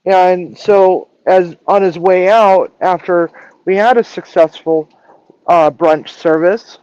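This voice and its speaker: A woman's voice: lowish voice, takes it slowly, darkish tone, no room sound, dull audio. A woman chef telling a story in a casual live stream, acting out the dialogue and swearing freely. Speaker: chef and culinary director.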